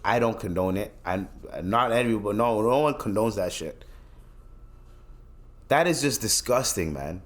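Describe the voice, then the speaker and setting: A man's voice: lowish voice, animated, moderate pace. A young man from Canada hosting his own podcast, ranting bluntly and profanely in casual solo commentary, often restarting his sentences. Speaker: podcast host.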